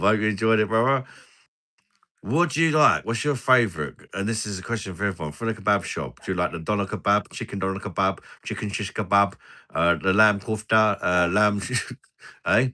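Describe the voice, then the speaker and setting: A man's voice: on the low side, sharp tone. A British man hosting a casual live stream, rambling jokily and laughing as he chats over drinks. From Britain. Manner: rambling, jokey banter with frequent laughs.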